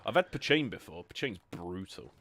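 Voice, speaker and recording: A man's voice: lowish voice, very animated, normal speed, fairly bright tone. A young man hosting a gaming video, chatting casually and self-deprecatingly with lots of ums. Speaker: gaming channel host. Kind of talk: casual gameplay chat.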